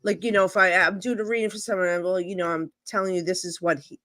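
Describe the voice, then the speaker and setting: A woman psychic medium telling stories casually on a live stream video call, blunt and animated, acting out both sides of each exchange. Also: lowish voice, fast, no echo.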